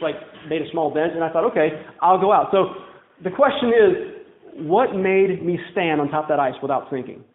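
A young man from Louisiana preaching a sermon in a church, telling stories casually with wry asides. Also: sits high. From Louisiana, USA. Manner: conversational storytelling, wry asides. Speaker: pastor. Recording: tinny, echoey church recording.

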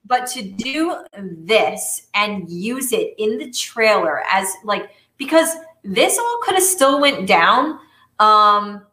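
A woman co-hosting a podcast in casual chat, animated and exasperated, talking with plenty of fillers. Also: medium pitch, slow, echoey room. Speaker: podcast co-host.

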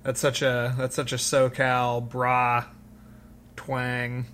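A man's voice: mid-range voice, completely flat delivery, slow, fairly bright tone, slight background noise. A man co-hosting a casual podcast, joking and laughing easily as he chats. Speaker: podcast co-host. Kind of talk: casual chat.

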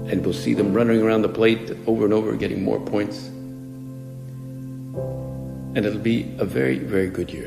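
A priest gives a spoken meditation in a low, gravelly voice, musing and conversational, often restarting his phrases. The sound rings with a long hall reverb. Faint music plays behind him.

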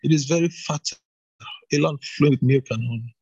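A man's voice: fairly high pitch, quick pace, a little mellow, husky, dry recording, highs cut off. Joshua and Caleb, fervent spies, read by a man. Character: Joshua and Caleb, men urging a frightened crowd.

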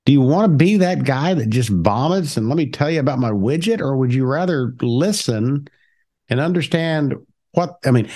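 A middle-aged man co-hosting a casual chat, telling sales stories and acting out both sides of the talk. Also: mid-range voice. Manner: animated, acts out both sides of his stories. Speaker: podcast co-host.

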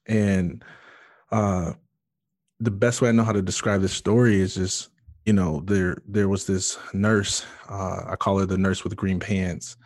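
A man's voice: low voice, little pitch movement, unhurried, darkish tone, dry recording, studio quality. A man earnestly telling an emotional personal story in conversation, with many fillers and restarts. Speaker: guest sharing his testimony.

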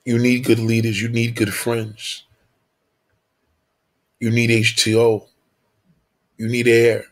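A man's voice: mid-range voice, completely flat delivery, slow pace. A man telling a preachy story in a profane, emphatic way, repeating his points.

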